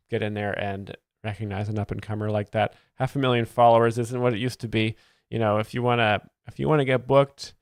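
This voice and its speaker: Dude doing deadpan fake-serious commentary, lots of ums, dry close sound. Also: male voice, medium pitch, dry recording. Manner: deadpan, mock-earnest, many fillers. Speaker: comedy video host. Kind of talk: satirical comedic commentary.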